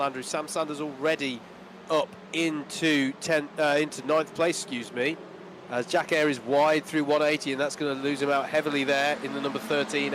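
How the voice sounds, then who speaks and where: A man's voice: a little high, background noise. A man giving chatty, easygoing colour commentary on a live sim race.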